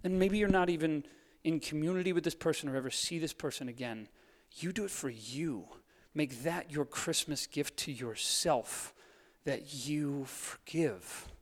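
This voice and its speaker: A man preaching a sermon, moving between quiet hushed lines and fired-up urging, with a playful streak. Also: mid-range voice. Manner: playful, laughs at his own jokes. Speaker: pastor. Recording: long hall reverb.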